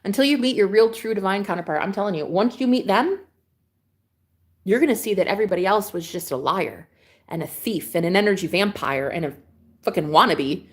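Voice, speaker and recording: A young woman who works as a twin flame coach, talking casually to camera in a sassy, emphatic way, swearing freely and laughing loudly. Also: mid-range voice, expressive, brisk, husky. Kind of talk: casual vlog rant to camera.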